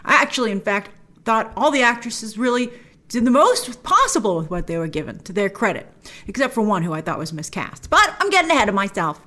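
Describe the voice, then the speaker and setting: A woman giving a casual film review to camera, chatty and animated, acting out her own reactions. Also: medium pitch, fairly quick.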